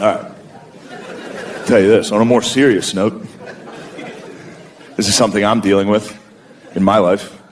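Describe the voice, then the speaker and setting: A man's voice: fairly low pitch, steady tone, normal speed, long pauses. A man in his thirties doing a stand-up set, telling profane, self-mocking stories on a comedy club stage. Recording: echoey venue, loud crowd and noise. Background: audience laughter.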